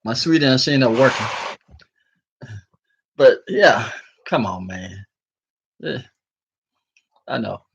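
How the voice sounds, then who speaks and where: A man's voice: medium pitch, lively intonation, takes it slowly, gravelly, long pauses, background noise. A sleepy man rambling casually to his viewers from home, chuckling often and talking in slang. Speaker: vlogger. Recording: muffled lo-fi recording.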